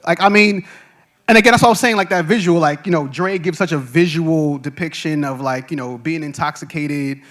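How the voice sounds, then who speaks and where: A middle-aged man hosting a podcast, telling stories to a live audience with quick restarts, frequent laughs and a habit of asking "right?". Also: a little high, fairly bright tone. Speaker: podcast host. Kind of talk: animated storytelling to a live audience.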